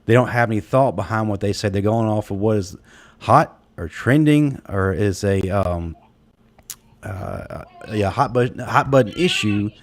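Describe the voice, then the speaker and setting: A man hosting a casual panel talk show, speaking in a relaxed way with many fillers. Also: fairly low pitch, unhurried. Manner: relaxed, lots of fillers and laughs. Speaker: podcast host.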